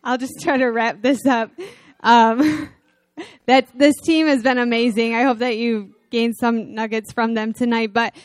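High-voiced woman sharing a church testimony. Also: measured pace, no room sound. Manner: chatty, animated storytelling with laughs and fillers. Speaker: mission team member sharing testimony.

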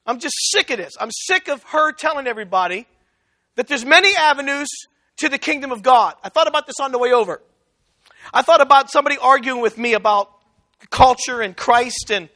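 A man preaching a sermon, telling a story and acting out both sides of the conversation. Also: very high-pitched. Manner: animated, acts out both sides of a dialogue.

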